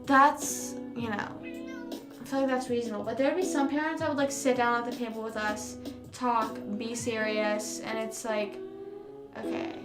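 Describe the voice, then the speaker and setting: A young woman host chats casually with her viewers, rambling along with plenty of fillers and false starts. Her voice sits a little high, and it carries some room echo. Music plays clearly in the background. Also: steady tone, normal speed. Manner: rambling, self-correcting, many fillers. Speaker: livestream host. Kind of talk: casual chat with live viewers. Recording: roomy sound with music behind.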